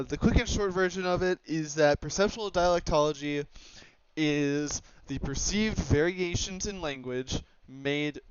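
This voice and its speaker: Young male student presenter, slightly high, hesitant and full of fillers. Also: clean tone, no room sound. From Oregon, USA. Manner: hesitant, many fillers and self-corrections. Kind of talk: slide presentation on dialect maps. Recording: slightly dull lo-fi mic.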